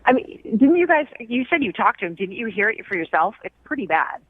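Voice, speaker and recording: A woman's voice: fairly high pitch, very animated, brisk, breathy edge, no room sound. A woman calling into a radio show, blunt and sarcastic, heard over a muffled phone line. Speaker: caller. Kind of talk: radio call-in chat.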